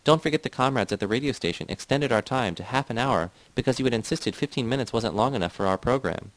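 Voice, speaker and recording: A man's voice: medium pitch, animated, fast talker, no echo, lightly acted. A man voicing an anxious, timid man who pleads sheepishly. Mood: pleading.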